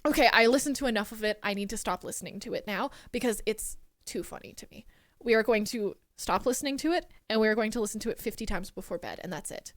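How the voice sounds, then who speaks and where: A woman streamer chatting casually with her live chat, excitable and giggly, swearing freely. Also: medium pitch, fast talker, no room sound, studio quality. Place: home streaming room.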